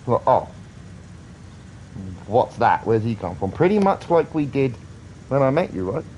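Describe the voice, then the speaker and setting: A man's voice: mid-range voice, very animated, measured pace, darkish tone, dull audio, slight background noise. A British man in his thirties rambling earnestly in a casual live-stream chat, swearing often. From Britain.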